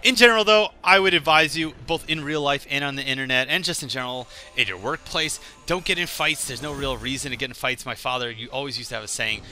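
A man's voice: mid-range voice, fast talker, hardly any pauses, bright, forceful tone. A man giving casual gameplay commentary, rambling and joking as he tells stories. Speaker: gaming commentator.

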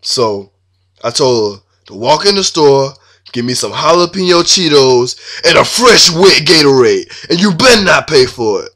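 A man's voice: fairly high pitch, big pitch swings, moderate pace, fairly bright tone. A man telling a crude comic story in a brash, swaggering freestyle. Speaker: comedian.

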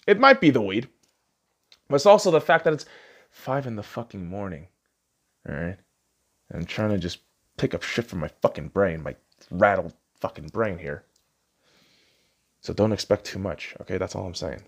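Animated, profane young man ranting. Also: lowish voice, moderate pace, gravelly, long pauses. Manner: profane, ranting, argues with himself. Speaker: podcast host. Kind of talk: solo podcast rant.

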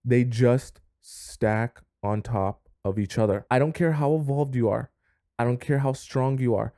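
A man's voice: medium pitch, steady tone, unhurried, dark tone, dry recording, studio quality. A man delivering dating advice straight to camera in an emphatic, lecturing rant full of repetition.

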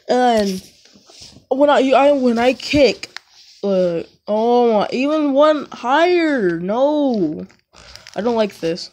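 Slow-talking young woman, slangy gamer chat. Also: fairly high pitch. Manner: slangy, says "bruh" often, sudden excited yelps. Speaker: gaming YouTuber. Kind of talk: casual gameplay commentary. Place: home.

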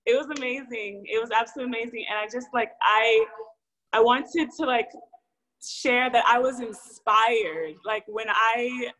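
A woman's voice: fairly high pitch, normal speed, fairly bright tone, low-quality recording. Rambling woman telling a story. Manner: rambling, many fillers and restarts. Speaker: caller sharing a story on a live show. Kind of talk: casual storytelling.

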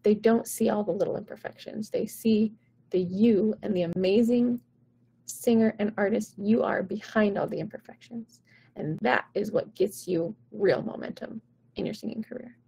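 A woman vocal coach talking to her viewers on a live stream, chatty and encouraging, with "like" and "right?" all through her talk. Her voice is husky and mellow, with some vocal fry at the ends of phrases. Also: medium pitch, moderate pace.

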